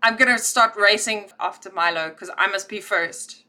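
A woman takes part in a tabletop role-playing game as a player. She describes her character's actions briskly and decisively, in a bright voice. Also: mid-range voice.

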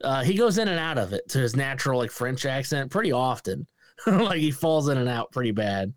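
Speaking a little fast in a mid-range voice, a man co-hosts a casual film review podcast. The studio-quality recording has no room sound. He's profane and lively, and keeps mimicking lines in sudden put-on voices.

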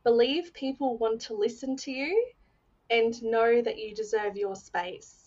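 A woman's voice: fairly high pitch, a little slow, darkish tone, highs cut off. A young woman hosting a podcast interview, earnest and effusive as she introduces and thanks her guest. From Australia. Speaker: podcast host.

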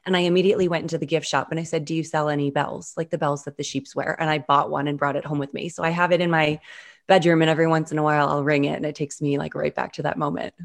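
Low-voiced woman telling a hiking story. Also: very fast, vocal fry. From Utah. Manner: animated, frequent "like". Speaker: guest. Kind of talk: storytelling interview. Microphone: video call.

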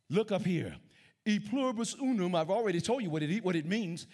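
High-voiced man preaching a sermon. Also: expressive, fairly quick. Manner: preaching with big swings from loud to hushed, repeating phrases. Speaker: pastor.

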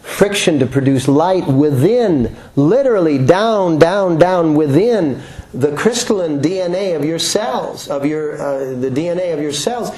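A man giving a relaxed, joking talk to a room full of people at the start of a yoga class, often checking in with rhetorical questions. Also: a little high, a little slow. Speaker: yoga teacher.

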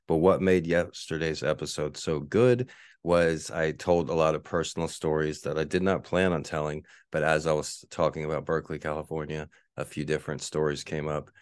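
A man's voice: clean tone, dry recording. A man hosting his own podcast alone from his one-bedroom apartment. He talks on and on, swears a lot and rants about noisy neighbors. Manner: ranting, profane, mocking the neighbors in shrill voices. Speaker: podcast host. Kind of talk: solo podcast monologue.

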